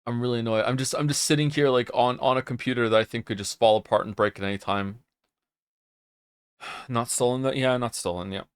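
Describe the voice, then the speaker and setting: Chatting loosely with his viewers, this young streamer speaks fairly quickly in a smooth, mid-range voice with fairly even intonation. He tends to ramble, reads chat aloud, and sometimes gets flustered, in a dry, clean studio recording.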